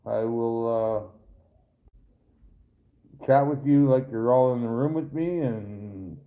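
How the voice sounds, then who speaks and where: A man hosts a live stream and talks straight to his viewers in a loose, rambling way, cursing freely. His voice sits at an ordinary pitch and comes through a thin, tinny, phone-like line. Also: slow pace. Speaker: livestream host reading viewer chat. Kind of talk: casual live-stream chat.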